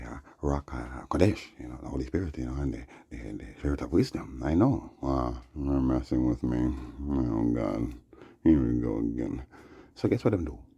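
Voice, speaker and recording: A man's voice: a bass voice, gravelly, mellow, slightly rough. A man, talking in a rambling monologue that slides between chanted praise and loose storytelling, with "you know what I'm saying" coming up again and again. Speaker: vlogger. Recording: dull lo-fi recording.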